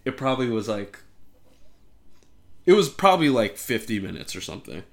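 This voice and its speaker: A man casually telling a story and chatting on a podcast, animated, says "like" constantly and swears a lot. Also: mid-range voice, moderate pace, vocal fry.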